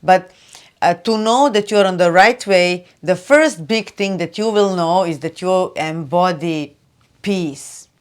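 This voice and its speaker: A woman hosting a spiritual video, talking loosely and chattily with lots of "you know" and "like", turning soft and hushed for advice. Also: fairly low pitch, takes it slowly. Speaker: spiritual channel host. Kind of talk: casual spiritual talk to camera.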